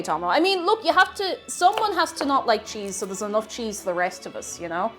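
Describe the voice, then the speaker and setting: A young woman with a Tipperary Irish accent talks through a cooking stream, greeting viewers and laughing as she goes. Her voice sits a little high and swings widely in pitch. Faint music plays behind her. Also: expressive, fairly quick. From Tipperary, Ireland. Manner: chatty, giggly, greets chat warmly. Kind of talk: casual cooking stream chat.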